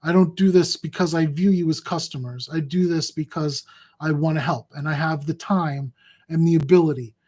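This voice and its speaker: A husky-voiced man speaks in a loose, unscripted way, stopping and restarting his sentences. He sounds emotional and close to tears, and there is strain from physical pain in his voice. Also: on the high side, steady tone, a little mellow. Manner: rambling, halting, repeats words. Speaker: fantasy sports analyst. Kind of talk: heartfelt casual address to viewers.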